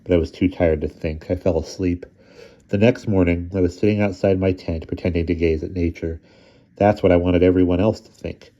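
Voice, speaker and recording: A man reading a children's novel aloud, narrating and acting out the boys' dialogue in raised, excited voices. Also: sits low, a little fast. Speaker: audiobook reader. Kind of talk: storybook narration. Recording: dull lo-fi recording.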